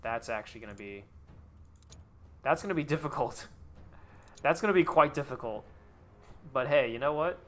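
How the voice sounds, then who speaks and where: A man's voice: mid-range voice, expressive, normal speed, long pauses, a bit bright. A young man casually commenting on a game he is live streaming, bantering and joking with his chat and swearing freely.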